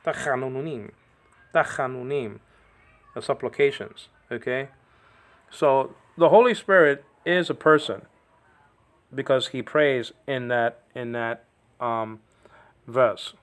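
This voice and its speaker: In this informal language lesson, a man teaching repeats words to correct pronunciation and keeps asking "okay" to confirm understanding. He speaks at a medium pitch with a slow, smooth delivery and long pauses.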